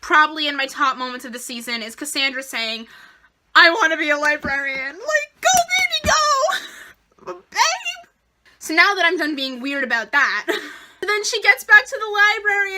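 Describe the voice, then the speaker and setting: Woman fan vlogger, very high and piercingly bright voice, gushing, excitable. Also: fairly quick. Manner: gushing and emotional; excitable, rambling. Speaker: TV episode reviewer. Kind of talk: casual fan review vlog.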